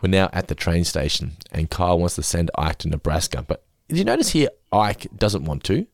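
A man hosting a podcast, giggling often and slipping into animated impressions as he recaps an episode. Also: sits low, fairly quick, gravelly, no echo, studio quality. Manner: giggly, jumps into animated impressions when quoting. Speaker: podcast host. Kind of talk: casual recap chat.

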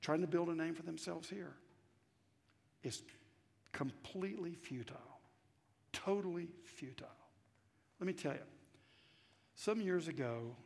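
Southern preacher with a gravelly voice in a hall. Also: male voice, on the high side, measured pace, long pauses. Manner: storytelling, swings from hushed asides to loud climaxes. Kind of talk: sermon. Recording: reverberant hall.

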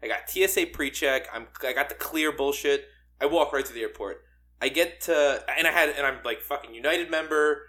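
Man, podcast co-host, casual chat, bright voice, profane animated storyteller. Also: fairly high pitch, a little fast.

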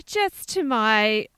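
A woman co-hosting a podcast, giggly and animated in casual chat, swearing freely. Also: a little high, clean tone, no room sound. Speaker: podcast co-host.

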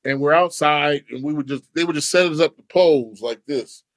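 Brief: lively, profane male storyteller, slightly high voice, dry mic. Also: fairly quick, no room sound. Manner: animated, profane, acts out quotes. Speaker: podcast guest telling a story. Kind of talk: casual storytelling.

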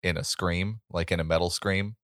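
A man's voice: deep voice, steady tone, normal speed, fairly bright tone, no room sound, studio quality. A man co-hosting a podcast in casual chat, playful and giving brief reactions. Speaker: podcast co-host.

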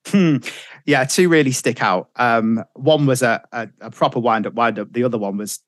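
A man's voice: medium pitch, normal speed, dry recording, clean studio sound. A middle-aged man, a radio presenter telling stories in casual chat, swearing freely. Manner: animated storyteller, swears freely.

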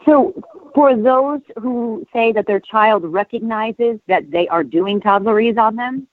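A man's voice: high voice, dry recording. A man hosting an interview, asking long questions that he stops and rephrases as he goes. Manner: halting, rephrases his questions. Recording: tinny phone-like radio sound, dry.

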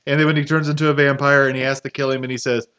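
A man's voice: medium pitch, level tone, rapid-fire, fairly bright tone, clean tone, dull audio. A man co-hosting a casual movie podcast, talking about films with gushing enthusiasm. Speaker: podcast co-host.

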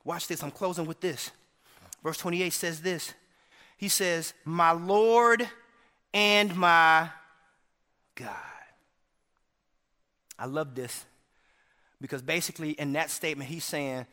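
A male pastor delivering a dynamic sermon, swinging between shouted peaks and hushed lines and often checking in with the congregation. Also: on the high side, fairly even intonation, a little slow, long pauses, long reverb tail. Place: church sanctuary.

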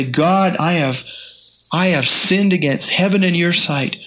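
A man with a fairly high voice delivers a sermon as a Bible teacher. He reads scripture passages aloud and lifts his voice for emphasis. A faint hiss of noise sits under the recording. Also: a bit bright.

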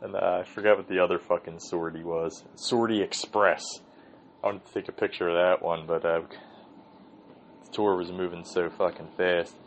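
A man's voice: low-pitched, steady tone, normal speed, dull audio, a little hiss or hum. A man hosting his own podcast, telling a rambling, profane story in a casual solo monologue. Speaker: podcast host.

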